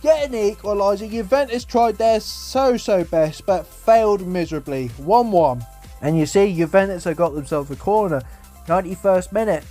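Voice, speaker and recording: A young man giving casual commentary over football game highlights, exasperated and swearing about his team. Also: normal speed, mellow, faint music behind. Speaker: gaming YouTuber.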